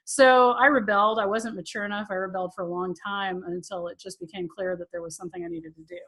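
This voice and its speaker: A woman's voice: mid-range voice, fairly even intonation, fast talker, fairly bright tone, breathy edge. A woman tantra teacher hosting a live Q&A, telling stories in a chatty, self-mocking way and laughing often. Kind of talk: casual storytelling to a live audience.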